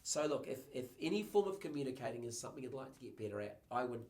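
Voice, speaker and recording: A man in his fifties with a New Zealand accent, a guest on a podcast, telling lively stories and acting out the voices of people he quotes. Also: medium pitch, fast, echoey room. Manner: lively storyteller who acts out quotes in voices. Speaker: guest, TV presenter and communication coach. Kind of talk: casual podcast conversation.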